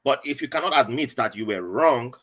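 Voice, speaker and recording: Man, 40s, podcast guest; bright, lively storyteller. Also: medium pitch, fairly quick. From Nigeria. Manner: animated, acts out quoted voices.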